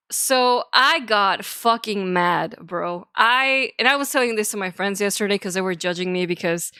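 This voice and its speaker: A woman's voice: mid-range voice, sharp tone, clean tone, dry recording, studio quality. A woman streamer ranting in casual chat to her viewers, swearing a lot and sounding exasperated.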